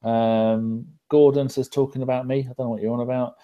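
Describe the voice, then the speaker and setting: A man's voice: medium pitch, level tone, brisk, muffled recording. A man hosting a casual live podcast, bantering with lots of swearing and reading out viewer comments. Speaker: podcast host.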